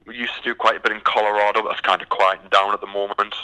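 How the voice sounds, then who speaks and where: A man's voice: fairly low pitch, rapid-fire, clear, resonant tone, low-quality recording. A man from the UK with a British accent, answering interview questions casually with many ums. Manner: relaxed, many ums and restarts. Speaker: recruitment company guest.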